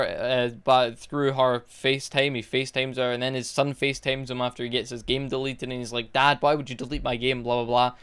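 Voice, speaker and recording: A man's voice: medium pitch, smooth. A young man casually reviewing a movie, exasperated and mocking, rambling with fillers.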